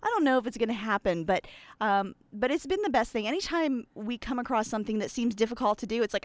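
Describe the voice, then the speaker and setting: A woman's voice: a little high, expressive, fast talker, no room sound. A woman from Pennsylvania telling a long story in casual conversation, chatty and self-deprecating, with plenty of fillers. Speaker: guest.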